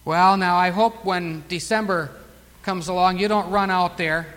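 High-voiced fervent preacher man. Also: steady tone, unhurried, fairly bright tone, long reverb tail. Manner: fervent preaching, surging emphasis on key words. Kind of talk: sermon.

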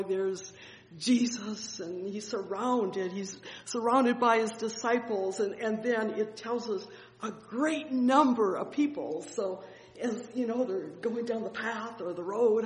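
A preacher telling a Bible story in a sermon, fervent, swelling loud and dropping soft, with frequent exclamations. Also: mid-range voice. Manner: fervent storytelling with sudden swells and drops in loudness. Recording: echoey hall reverb.

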